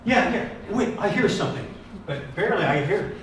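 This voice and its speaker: Man, workshop leader, lively pitch and a slightly high voice, encouraging and patient with a group, caught on a distant mic in an echoey, noisy room. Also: normal speed. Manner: encouraging, asks the group questions, repeats praise. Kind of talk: hands-on group music lesson. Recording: echoey room from far off, background noise.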